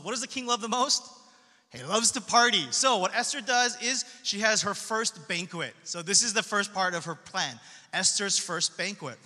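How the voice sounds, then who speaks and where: A man's voice: high voice, sharp tone. A man preaching a sermon, retelling a Bible story in a casual, slangy way. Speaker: pastor. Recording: long hall reverb.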